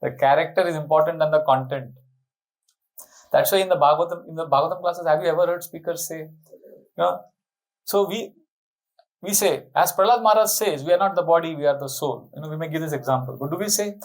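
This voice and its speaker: A man giving a storytelling sermon on a tour talk, animated and often putting questions to his listeners. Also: on the high side, brisk, pauses often, rough recording. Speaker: spiritual speaker.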